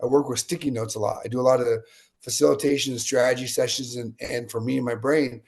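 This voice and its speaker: A man with a gravelly, fry-edged voice of middle pitch tells stories as an interview guest. He talks with energy and jumps into the voices of the people in his anecdotes. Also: quick pace. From United States. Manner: energetic, animated storyteller acting out quotes. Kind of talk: interview storytelling.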